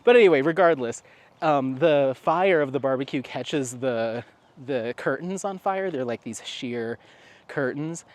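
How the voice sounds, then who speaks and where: A man's voice: medium pitch, expressive, unhurried. Giggly rambling male vlogger. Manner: rambling, giggly, frequent laughs and fillers. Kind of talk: casual chat to camera.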